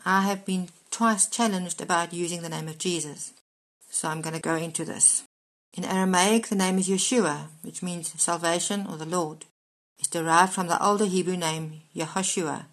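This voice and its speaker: A woman preacher delivers a daily devotional Bible teaching. Her voice sits a little low, and she talks in a steady, explanatory way, spelling out words letter by letter when she needs to. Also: normal speed, rough recording.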